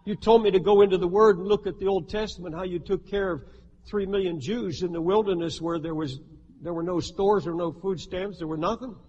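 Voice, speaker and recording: High-voiced man preaching in a reverberant hall. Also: steady tone, a little fast, a little mellow, lo-fi sound, slight background noise. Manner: emphatic, asks the congregation rhetorical questions. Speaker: pastor. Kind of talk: sermon. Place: church sanctuary with a congregation.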